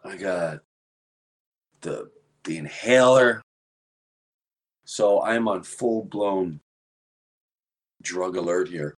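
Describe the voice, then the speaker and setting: A man with a slightly low voice hosts a casual podcast chat while fighting off a sore throat. He talks in a low-key, subdued way, his voice worn out. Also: very slow, long pauses. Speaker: podcast host.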